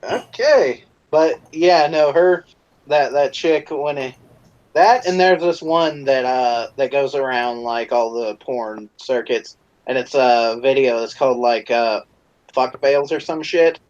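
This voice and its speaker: A man's voice: medium pitch, slow, a little mellow, dull audio. A man co-hosting a podcast, telling crude stories in a rambling casual way, swearing a lot and restarting his sentences often. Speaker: podcast co-host.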